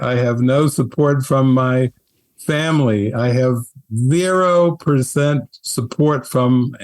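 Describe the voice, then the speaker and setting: A man and spiritual teacher telling his story in an interview, earnest and animated, often laughing. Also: mid-range voice.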